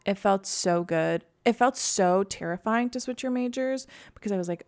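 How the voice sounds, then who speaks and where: A young woman co-hosts a relaxed chat podcast and talks freely about her life and plans. She is chatty and upbeat and fills her sentences with lots of casual fillers. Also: medium pitch, normal speed. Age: young adult. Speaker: podcast co-host.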